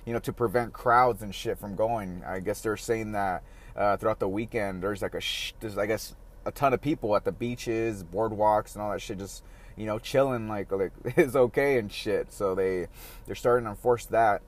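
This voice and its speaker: A man's voice: fairly low pitch, normal speed. A man hosting a casual solo podcast, rambling in a profane, laughing, chatty way. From San Diego area. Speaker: podcast host.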